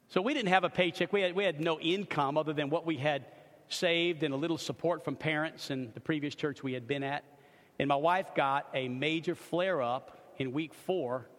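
A middle-aged male pastor preaching a sermon and telling a personal story, swinging from loud emphatic bursts to hushed narration, with humorous asides and repeated words as he builds a point. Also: medium pitch. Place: church sanctuary. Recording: long reverb of a church hall.

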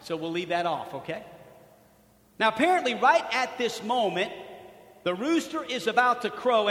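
A man preaching a sermon in a dramatic way, swinging from loud emphasis to hushed rhetorical questions. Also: extremely high pitch. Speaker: pastor. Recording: echoey hall, long reverb.

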